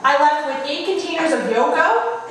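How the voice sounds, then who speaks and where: A woman in her twenties from Prince Edward Island, Canada, doing a self-mocking, deadpan stand-up set on a small bar stage. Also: high-pitched, normal speed, slight background noise. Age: 20s. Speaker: stand-up comic. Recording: echoey bar room from far off.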